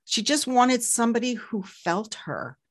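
A woman author and relationship counselor speaking in a podcast interview, animated and acting out her clients' voices. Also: a little high, unhurried.

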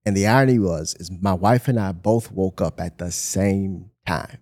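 A Michigan pastor with a deep voice tells a lively personal story on a podcast, speaking at a moderate pace and acting out the voices of the people he quotes.

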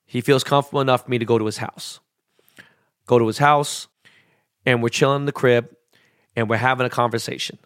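A man, a jeweler and interview guest, telling stories in a slangy, animated way full of quoted dialogue. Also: medium pitch, a little fast, long pauses, no echo, studio quality. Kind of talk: casual storytelling interview.

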